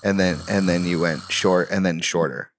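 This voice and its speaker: A man's voice: low-pitched, fairly even intonation, normal speed, a little hiss or hum. A man on a chat podcast, talking in a dry, guarded way. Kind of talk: casual chat.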